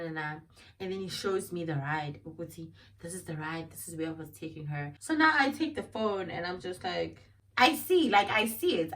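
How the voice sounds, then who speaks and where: Recorded from a distance, this vlogger has a lowish voice and a South African accent. The young woman from South Africa narrates a dramatic storytime vlog with lots of animation, dropping Xhosa and Zulu phrases into her English.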